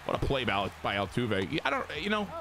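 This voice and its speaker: A man giving casual, excitable commentary over his own video game match, swearing and trash-talking the opponent as he plays. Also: mid-range voice, fairly quick, a crowd in the background. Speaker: gaming channel host.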